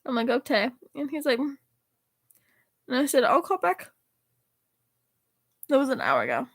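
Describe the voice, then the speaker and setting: High-pitched teen girl reading texts. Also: moderate pace, no room sound. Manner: animated, rambling, swears casually. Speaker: vlogger reading her text messages aloud. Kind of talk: casual chat reading out texts.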